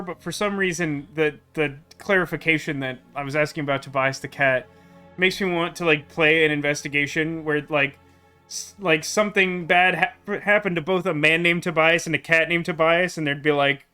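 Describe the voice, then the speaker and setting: Bright-voiced chatty gaming host. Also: male voice, fairly high pitch, fairly even intonation, normal speed, smooth, faint music behind. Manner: chatty, rambling with many fillers. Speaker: let's play host. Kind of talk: casual gameplay commentary.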